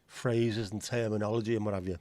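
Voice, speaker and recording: A man's voice: fairly low pitch, steady tone, a little fast, dark tone, no room sound. A man with a Liverpool accent hosting a casual livestream chat, joking, swearing freely and greeting viewers by name. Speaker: livestream host.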